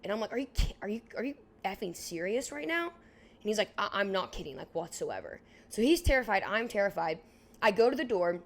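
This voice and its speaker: A woman's voice: mid-range voice, fairly quick. Chatty young woman telling a story. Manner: animated, heavy use of "like", acts out dialogue. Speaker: podcast co-host. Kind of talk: casual storytelling.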